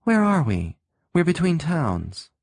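High faltering voice of a scared young woman who is really a shapeshifter, put on by a male narrator. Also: huge pitch swings, slow, darkish tone, no echo, clean studio sound, full character voice. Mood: bewildered. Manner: bewildered, faltering, high-pitched.

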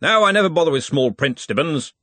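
A man voicing a blustering, bossy older male head wizard who talks in a loud, gruff and impatient way. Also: fairly high pitch, expressive, brisk, no echo, pitched above the performer's own voice.

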